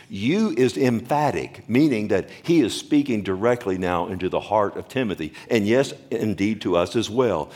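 A man's voice: on the low side, darkish tone. A man preaching a sermon as pastor, emphatic and repetitive, calling out for the congregation's response.

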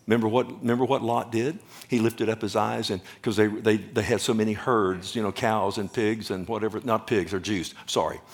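A man's voice: lowish voice, steady tone, a little fast, hardly any pauses. A man preaching a sermon as pastor, firing questions at his congregation and answering them himself, with the odd joke. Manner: jokes and laughs with the congregation.

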